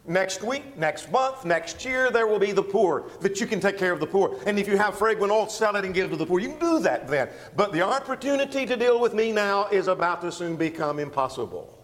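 Man preaching, high voice, lively pitch swings, emphatic, long hall reverb. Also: normal speed. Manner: expository preaching, animated and emphatic. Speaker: pastor. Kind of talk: sermon.

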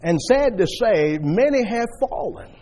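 A man preaching a sermon to a congregation, stressing points loudly and then dropping to quiet asides. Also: high voice, sing-song, unhurried. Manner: emphatic, swings between loud stresses and quiet asides. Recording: long reverb of a church hall.

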